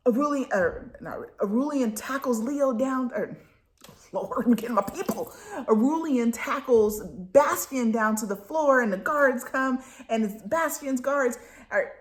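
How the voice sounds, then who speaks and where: A woman vlogger recapping book chapters in a casual chat, excitable and gushing as she tells the story. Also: on the high side, unhurried.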